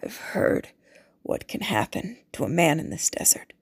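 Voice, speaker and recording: A woman voicing a menacing male guard with a knife, in a low, gruff, threatening mutter. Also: big pitch swings, slow pace, no room sound, clean studio sound, heavily acted.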